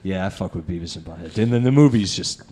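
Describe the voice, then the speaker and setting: A man's voice: low-pitched, expressive, fast, warm tone. A man hosting a comedy podcast, talking casually in a laid-back way, saying "dude" a lot and slipping into cartoon voices. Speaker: podcast host.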